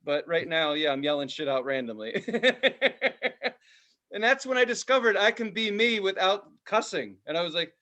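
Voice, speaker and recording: A man co-hosting a podcast, telling a profane, animated story in casual chat, now and then shouting loudly. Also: high-pitched, normal speed. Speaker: podcast co-host.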